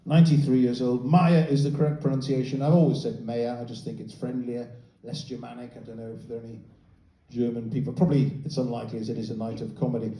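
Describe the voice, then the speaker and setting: A man's voice: medium pitch, level tone, fast talker, warm tone. A middle-aged man doing a stand-up comedy set, sardonic and freely swearing, often mimicking other people in raised voices. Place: comedy venue with a live audience. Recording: roomy live venue, distant mic, crowd noise. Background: audience laughter.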